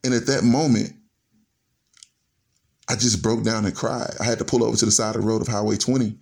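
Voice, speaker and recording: A man's voice: fairly low pitch, steady tone, a little fast, creaky, darkish tone, breathy edge. A man in his forties telling his life story as a podcast guest, earnest and reflective, linking his thoughts with "and so". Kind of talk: personal storytelling.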